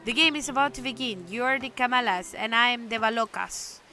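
A woman voicing an old cryptic man who loves games, speaking in a slow, solemn, riddling way. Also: fairly high pitch, bright, forceful tone, faint music behind.

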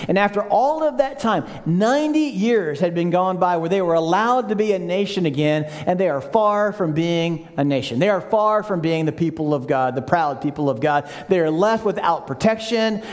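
Male pastor, pitched high, chatty storytelling sermon in a reverberant sanctuary. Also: expressive, moderate pace, few pauses, a little mellow. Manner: conversational storytelling, acting out scripture quotes. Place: large church sanctuary. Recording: long church hall reverb.

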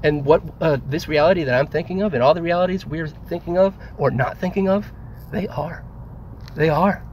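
An earnest man with a somewhat high voice muses aloud on big philosophical ideas, repeating himself and stopping and starting mid-thought. He sounds emotional and close to tears. Faint background noise sits under the recording. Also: darkish tone, rough recording. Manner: earnest, emotional, repetitive, halting. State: tearful. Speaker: speaker leading a group talk. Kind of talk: rambling philosophical monologue.

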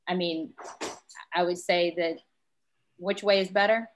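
A woman's voice: lowish voice, fairly even intonation, measured pace, a little hiss or hum. Woman panelist, candid storyteller, quotes people as she goes; round table discussion.

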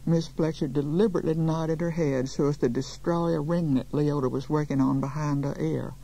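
A woman reading a short story aloud in measured, plain narration. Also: deep voice, steady tone, warm tone, low-quality recording. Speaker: reader.

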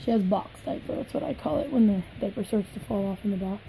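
A young woman vlogging an unboxing in a casual, gushing way, her voice a little hoarse, sometimes dropping to soft whispers. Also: medium pitch, quick pace, a little hiss or hum, low-quality recording.

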